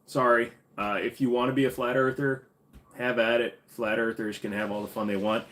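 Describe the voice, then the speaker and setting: A man's voice: medium pitch, level tone, moderate pace, a bit bright. A man with a Minnesotan accent hosting a casual livestream Q&A, blunt and opinionated. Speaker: host.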